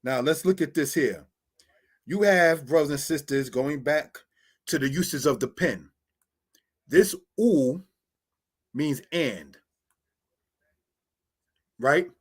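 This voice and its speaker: Man slowly teaching Bible Hebrew. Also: fairly high pitch. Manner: slow, repetitive, "all right?" and "brothers and sisters". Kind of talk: screen-share Hebrew lesson.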